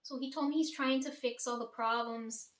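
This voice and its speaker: A woman's voice: a little high, steady tone, normal speed. A young woman casually retelling a dream, rambling and swearing, with many "like" and "right?" asides. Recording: echoey room, voice far from mic.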